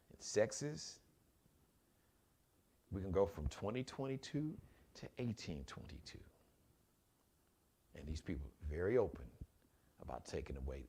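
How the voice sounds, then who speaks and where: A man's voice: low-pitched, creaky, slight background noise. A man hosting his own live commentary show, talking in an impassioned, preachy way and urging his listeners directly. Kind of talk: opinionated solo commentary.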